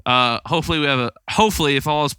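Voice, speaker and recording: A man with a very bright, crisp voice trades jokes on a casual podcast. He speaks into a handheld mic in a dry-sounding space. He keeps drifting in and out of a mock country drawl. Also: on the high side, rapid-fire, no echo. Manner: playful, joking, slips in and out of a mock country drawl. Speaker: podcast co-host. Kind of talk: casual chat. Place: theatre green room.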